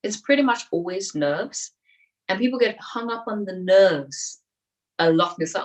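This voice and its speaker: Female speaking coach, encouraging workshop delivery, mid-pitched, recorded at a distance. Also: normal speed. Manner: lively, encouraging, acts out inner voices. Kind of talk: online workshop talk.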